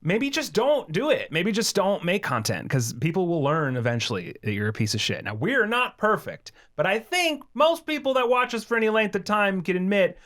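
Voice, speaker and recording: A man co-hosting a podcast in casual chat, speaking in a measured, reflective way as he explains and qualifies his points. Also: high-pitched, big pitch swings, a bit bright. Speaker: podcast co-host.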